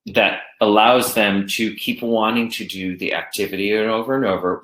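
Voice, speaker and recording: A man who teaches elementary music, presenting a workshop in a chatty way and now and then singing a children's song slowly. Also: on the low side, fairly bright tone. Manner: chatty, demonstrates songs by singing them slowly. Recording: roomy echo.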